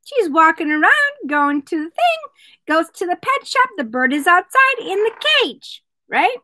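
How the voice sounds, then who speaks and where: A woman hosting a relaxed jewelry vlog, chatting and joking with her viewers. Her voice is high, bright and animated, swooping up and down. She takes her time as she talks. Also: dry recording, rough recording. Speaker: jewelry seller. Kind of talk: casual product vlog with joke telling.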